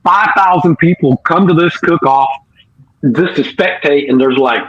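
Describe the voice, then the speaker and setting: A man, co-hosting a barbecue chat and telling an animated story, laughing often. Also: fairly high pitch, normal speed, slightly rough, highs cut off. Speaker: barbecue podcast co-host.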